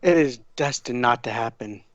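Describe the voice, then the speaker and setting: A man's voice: medium pitch, normal speed, muffled recording, very noisy. A man playing a tabletop game in casual chat, dry and joking. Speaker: player.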